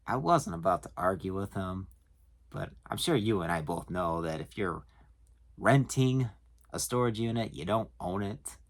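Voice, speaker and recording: A man who works at a storage facility tells work stories casually to camera, chuckling and pausing on lots of fillers. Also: on the low side. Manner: chuckling, hesitant with many fillers.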